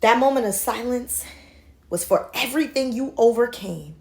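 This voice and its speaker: A high-voiced woman in her forties gives an impassioned pep talk straight into her handheld phone camera. She shifts from excited shouting to soft, confiding encouragement. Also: moderate pace, vocal fry. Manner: passionate, swings between shouting and soft confiding. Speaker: motivational vlogger.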